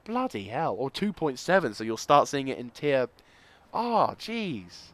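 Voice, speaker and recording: A young man hosting casual game commentary, excitable and rambling, with loud exclamations. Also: medium pitch, measured pace. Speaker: gaming video host.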